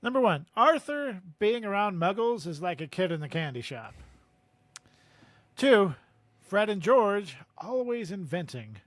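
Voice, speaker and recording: High-voiced man in dry close chat. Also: very animated, unhurried, no echo. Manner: chatty, laughs often while reading. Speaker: podcast co-host. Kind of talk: casual book-discussion chat and reading aloud.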